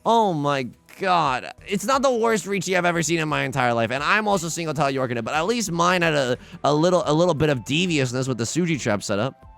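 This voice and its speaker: A young man talks through his own game with lively, jumpy pitch, dropping to low mutters and jumping up to loud outbursts. His tone is wry and self-mocking. Faint music plays under his voice. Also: fast talker, gravelly. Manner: excitable, swings from muttering to shouting. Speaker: let's play host. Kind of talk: gameplay commentary.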